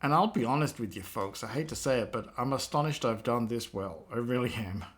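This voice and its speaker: A man's voice: mid-range voice, lively intonation, brisk. A man, chatting casually with live chat viewers while he works, joking around and laughing often. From England. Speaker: live streamer.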